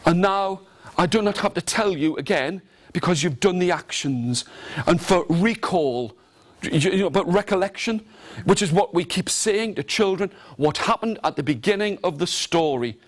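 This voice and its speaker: A man's voice: high-pitched, normal speed. A man leading an interactive storytelling workshop for teachers, telling a folk tale in a theatrical way and getting the audience to join in with actions and repeated lines. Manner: animated and theatrical, leading the audience in call-and-response. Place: large room with a live audience.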